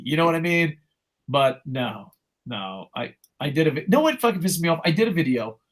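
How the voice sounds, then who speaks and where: A man's voice: a little high, fairly bright tone. A man hosting a casual wrestling talk show, ranting with constant swearing and reading out viewer comments. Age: adult with a child. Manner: profane passionate ranting. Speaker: podcast host.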